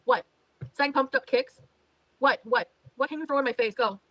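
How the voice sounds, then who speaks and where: A woman's voice: high voice, normal speed, a bit bright, no echo, rough recording. A woman streamer venting on a livestream, exasperated and resigned, swearing often. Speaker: streamer in a played clip.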